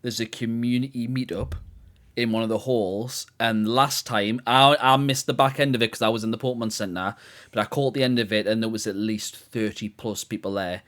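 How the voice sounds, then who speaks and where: A young man co-hosting a casual chat, excitable, laughing a lot and calling his friend "mate". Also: mid-range voice, normal speed. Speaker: podcast co-host.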